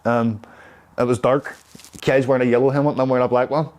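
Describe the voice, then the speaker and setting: Halting man with Derry accent. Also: mid-range voice, little pitch movement, darkish tone. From Derry, Northern Ireland. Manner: rambling, halting, with fillers. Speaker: interviewee. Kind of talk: casual storytelling.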